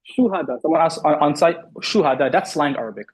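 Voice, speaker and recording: A man teaching an Arabic class to students in the room and online, patiently repeating words slowly. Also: fairly high pitch, lively intonation, slightly rough, rough recording.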